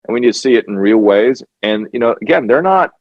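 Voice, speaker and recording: A man with a fairly low voice talks earnestly and with emphasis, often repeating himself to drive a point home. He is a documentary filmmaker being interviewed. The sound is muffled and lo-fi, with a dry, close feel. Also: little pitch movement, fast, no room sound. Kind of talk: conversational interview.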